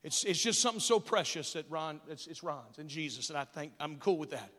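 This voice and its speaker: A male pastor preaching a storytelling sermon, swinging from booming shouts to hushed asides. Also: expressive, a little fast. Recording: long reverb of a large church hall.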